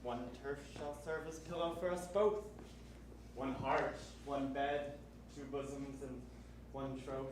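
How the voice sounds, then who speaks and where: A man's voice: mid-range voice, steady tone, slow pace, noisy background, lightly acted. A teenage boy playing a lovestruck young nobleman on stage, in earnest verse. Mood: tender. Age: teens. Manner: earnest verse delivery, softening to intimate. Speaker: stage actor. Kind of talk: stage Shakespeare acting. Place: school theater stage. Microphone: distant room mic. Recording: echoey stage from far off.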